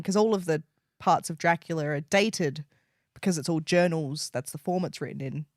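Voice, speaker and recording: A woman co-hosting a podcast in casual chat, measured and thoughtful. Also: lowish voice, no echo, studio quality. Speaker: podcast co-host.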